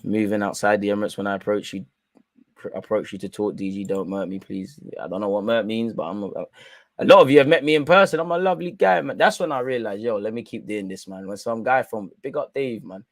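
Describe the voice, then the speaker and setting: A man's voice: fairly low pitch, fairly quick, no echo. A young man hosting a live football watch-along, chatting in slang straight to his viewers. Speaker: live stream host.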